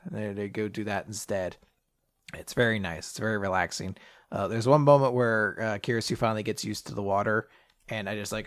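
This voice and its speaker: A man co-hosting a casual manga podcast, recapping a chapter in a lively, animated way and jumping up in pitch to quote characters. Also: no room sound. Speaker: podcast co-host.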